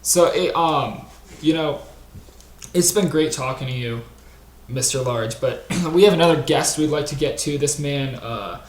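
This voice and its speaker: A man's voice: fairly high pitch, a little slow. A man hosting a comedic conspiracy stream, brash, rambling and profane, talking into a desktop mic. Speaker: stream host. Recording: roomy with faint hiss.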